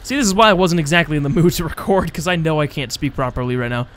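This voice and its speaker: A man's voice: fairly high pitch, quick pace, fairly bright tone. A tired young man rambling casually while playing a game, yawning and mocking his own stumbles. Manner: rambling, self-mocking, drowsy. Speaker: gaming channel host. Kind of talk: casual let's-play commentary.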